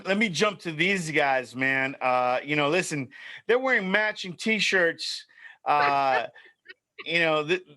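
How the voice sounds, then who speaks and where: A man's voice: a little high, pushed and bright. A man hosting a casual chat show, upbeat and chummy, often saying "man" and "you know". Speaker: show host.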